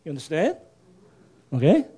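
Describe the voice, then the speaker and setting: A man's voice: a little high, huge pitch swings, normal speed, mellow, breathy edge. A man presenting at a workshop, teaching patiently and repeating himself, checking in with the audience through little tag questions. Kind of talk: seminar teaching pronunciation.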